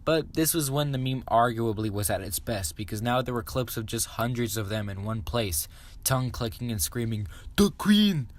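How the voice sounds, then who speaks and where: A man's voice: mid-range voice, moderate pace. A young man giving a sarcastic, swearing comedic review of internet memes. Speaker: meme commentary YouTuber.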